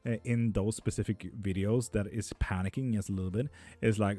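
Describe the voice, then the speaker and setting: A man's voice: lowish voice, fairly quick, dark tone. Sweary, chatty man streaming tarot. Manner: sweary, chatty, laughing often. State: hot and sticky. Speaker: livestream tarot reader. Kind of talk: casual live-stream chat, reading comments.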